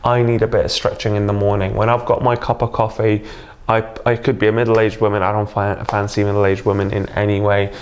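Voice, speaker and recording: Man, relaxed dating coach. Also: fairly low pitch, fairly quick, a little hiss or hum. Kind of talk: casual interview.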